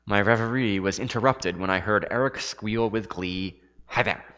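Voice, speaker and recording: A man with a fairly low voice, speaking at normal speed, reads a first-person story aloud in an expressive, dramatic style with soft, hushed asides. The lo-fi recording sounds dull and carries a long reverb.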